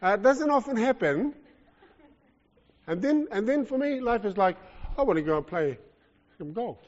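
New Zealand male preacher, fairly high voice, lively and joking, dull muffled sound. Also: normal speed, big-room sound. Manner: animated, jokey, swings from loud to soft. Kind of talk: sermon. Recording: lo-fi muffled recording.

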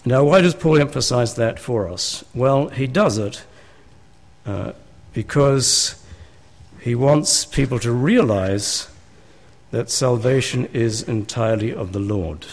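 A man's voice: mid-range voice, expressive, slow, long pauses. A man, a pastor preaching a sermon in a church, talking conversationally and asking his listeners rhetorical questions.

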